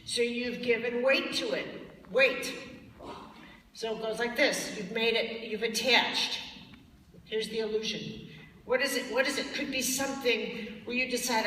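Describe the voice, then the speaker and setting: A woman's voice: a little high, fairly even intonation, moderate pace, bright, forceful tone, a little hiss or hum. A woman speaker giving a blunt, emphatic lecture to a live audience, sometimes mocking the tones of voice people use. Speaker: spiritual speaker. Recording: echoey hall from far off.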